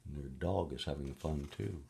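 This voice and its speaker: Deep-voiced man reading a storybook. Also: normal speed, creaky, very noisy. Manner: playful, with gasps and sung sound effects. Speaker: reader of a picture book to a child. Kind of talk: reading a picture book aloud.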